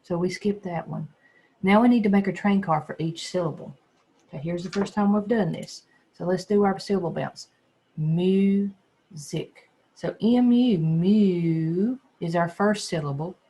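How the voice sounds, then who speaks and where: This gravelly-voiced second grade teacher speaks in a mid-range, slightly mellow voice during a phonics lesson for young children. The delivery is patient, slowly sounding out words and spelling out letters.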